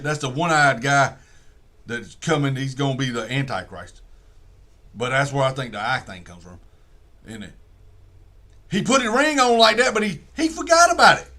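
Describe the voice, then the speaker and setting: High, bright-voiced man rambling. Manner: folksy, profane, digressive storytelling. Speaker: comedian. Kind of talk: rambling comic monologue.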